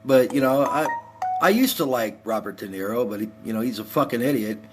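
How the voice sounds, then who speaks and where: A man's voice: mid-range voice, expressive, a little fast, husky, faint music behind. A man in his forties from Texas, hosting a heated, profane rant on his live stream. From El Paso, Texas. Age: 40s. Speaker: livestream host.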